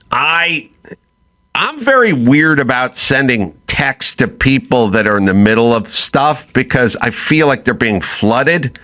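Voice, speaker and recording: A middle-aged man hosting a chat show, telling a story in a loose, animated way and acting out both sides of the quoted talk. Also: on the low side. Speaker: podcast host.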